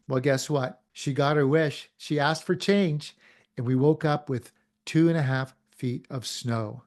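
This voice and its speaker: A middle-aged man hosting a motivational podcast, energetic and firing many questions at the listener. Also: mid-range voice, a little slow. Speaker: podcast host. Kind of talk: motivational talk.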